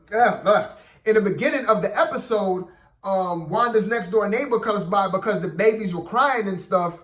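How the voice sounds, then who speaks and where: Casual reviewer, male, higher register, loose filler-heavy delivery, roomy echo. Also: a bit bright. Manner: rambling, filler-heavy, keeps saying "you know what I mean". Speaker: TV episode reviewer.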